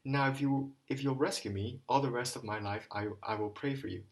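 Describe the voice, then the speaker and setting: A man reading aloud voices a venomous, proud young woman in an audiobook, speaking loudly and bitterly. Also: medium pitch, lively intonation, normal speed, far from the mic, natural voice.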